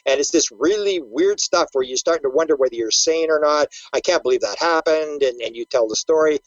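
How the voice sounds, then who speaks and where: Animated older man, dry lo-fi sound. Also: a little high, fairly quick, dry recording. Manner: animated storyteller who acts out quotes and repeats words. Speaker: guest researcher. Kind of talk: casual interview talk.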